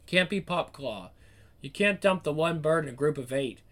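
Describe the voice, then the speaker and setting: An actor playing a crude, cynical man with a British accent, calmly reasoning out who to betray in a screen drama. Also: a little high, moderate pace. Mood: scheming. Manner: crude, cynical, coolly calculating.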